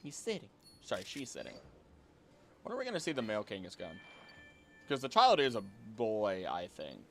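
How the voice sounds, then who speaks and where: A man chatting with his viewers while playing a video game, rambling and bursting into sudden excited reactions. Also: lowish voice, soft background music. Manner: animated, rambling, quick reactive outbursts. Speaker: game streamer. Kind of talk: live gameplay commentary to chat. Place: home, seated at a computer.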